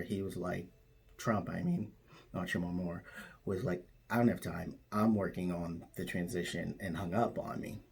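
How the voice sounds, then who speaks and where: A man's voice: deep voice, normal speed, creaky, breathy edge. A man telling an absurd made-up story in a straight, matter-of-fact comic way. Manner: absurd tall tale told matter-of-factly.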